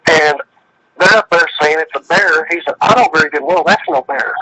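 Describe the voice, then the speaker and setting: Man, casual phone-in storyteller, slightly higher voice, forceful delivery, plainspoken. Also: normal speed, rough recording. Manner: plainspoken, retells dialogue with many "he said"s. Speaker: guest storyteller.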